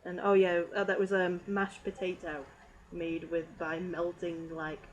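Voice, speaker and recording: Woman streamer, slightly low voice, giggly and rambling, over clear background noise. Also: completely flat delivery, unhurried, low-quality recording. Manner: rambling, giggly, lots of fillers. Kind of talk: casual meme review commentary.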